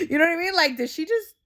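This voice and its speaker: A very high-pitched, slightly bright voice comes from a young adult woman vlogging directly to camera. She vents casually in a blunt, profane monologue loaded with slang and constant "you know what I'm saying."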